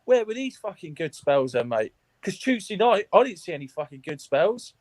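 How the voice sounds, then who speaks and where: A man's voice: sits high, very animated, normal speed, no room sound. A man calling into a fan show, furious and blunt, swearing and mocking the team. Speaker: guest fan. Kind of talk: heated football fan rant.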